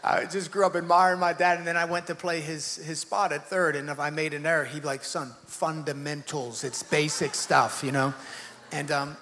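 A man hosting a church leadership panel, relaxed and joking, then turning earnest as he exhorts. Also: fairly high pitch. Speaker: pastor and panel host. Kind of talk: conversational panel talk. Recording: faintly noisy hall reverb.

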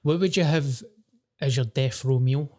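A man's voice: mid-range voice, measured pace, darkish tone. A Scottish man chatting on a podcast, sweary and self-mocking. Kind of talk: casual chat.

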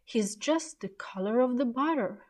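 A woman voicing an excited, eager young boy in a storybook reading, exclaiming breathlessly. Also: on the high side, unhurried, pitched above the performer's own voice. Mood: delighted.

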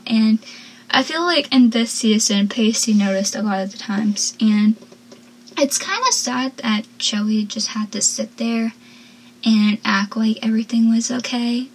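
Tired, husky young woman recapping a show. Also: a little high, low-quality recording. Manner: chatty, rambling, with frequent laughs. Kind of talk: casual episode commentary.

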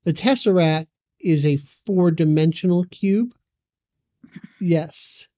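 A woman's voice: fairly low pitch, takes it slowly, warm tone, no echo, lo-fi sound. A woman co-hosting a casual movie podcast, dryly recapping the plot. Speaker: podcast co-host.

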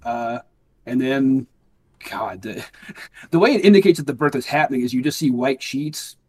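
A man with a husky, slightly rough voice talks through a film scene in casual chat. He rambles with fillers and restarts, mixing in wry comments, at a middling pitch. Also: lively intonation, normal speed.

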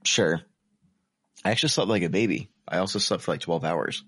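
Low-voiced tired young man chatting. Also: fairly quick, fairly bright tone, husky, no echo, studio quality. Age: 20s. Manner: rambling, self-deprecating, many fillers. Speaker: podcast co-host. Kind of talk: casual chat.

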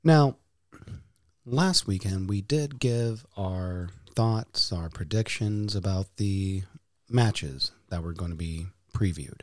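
A man's voice: sits low, takes it slowly, dry recording, clean studio sound. A man hosting a casual podcast, playful, with hammy announcer-style flourishes. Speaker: podcast host.

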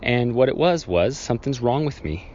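A man's voice: mid-range voice, lively intonation, moderate pace, a little mellow, highs cut off, a little hiss or hum. A man hosting a solo podcast, telling a childhood story in a rambling, self-correcting way and acting out scenes from it. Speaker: podcast host.

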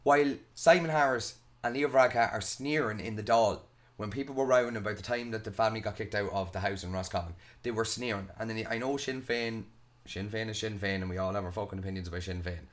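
Irish man, young, rapid talker, lowish voice, ranting, swearing, casual podcast chat. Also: fairly bright tone. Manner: ranting, swears a lot, retells arguments. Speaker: podcast host.

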